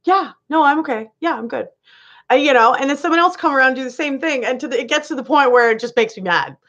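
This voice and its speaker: Speaking very fast in a high voice, a livestream host runs a casual live chat, reading viewers' comments aloud. She's chatty and animated, laughing often, and the lo-fi stream audio sounds dull.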